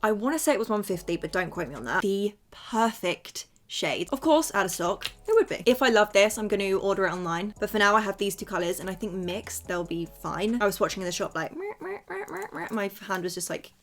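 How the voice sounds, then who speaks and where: A bubbly woman chats away as she works through a makeup routine, speaking straight to the viewer. Her voice sits at an ordinary middle pitch, friendly and talkative. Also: lively intonation, brisk, hardly any pauses. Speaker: beauty vlogger. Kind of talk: casual makeup tutorial chat.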